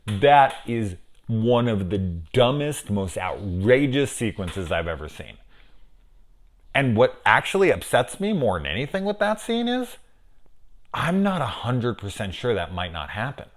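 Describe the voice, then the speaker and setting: A man's voice: medium pitch, big pitch swings, unhurried. A man talking casually through a spoiler review of a horror movie, incredulous and swearing often.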